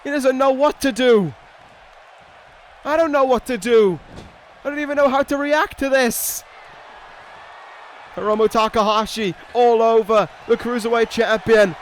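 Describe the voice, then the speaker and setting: A man doing excitable play-by-play commentary over a wrestling video game, swinging from dry sarcasm to stunned shouting and swearing casually. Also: very high voice, unhurried, long pauses, a little hiss or hum.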